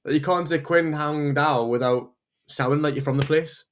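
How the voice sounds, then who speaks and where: A man's voice: a little high, steady tone. A man with a Geordie accent chatting casually and teasing his co-host on a livestream. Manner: jokey, teasing, quick asides. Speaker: performer co-hosting a livestream. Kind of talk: casual chat.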